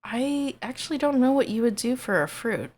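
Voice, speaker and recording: A woman's voice: on the high side, lively intonation, normal speed, darkish tone. A woman streamer in casual, rambling chat, hesitant and self-deprecating.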